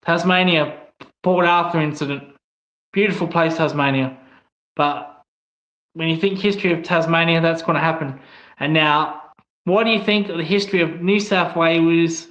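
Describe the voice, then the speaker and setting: A man's voice: on the high side, fairly even intonation, moderate pace, a bit bright. A man with an Australian accent giving a blunt, angry opinion monologue, swearing often as he talks. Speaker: online commentator. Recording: echoey, slightly dull room sound.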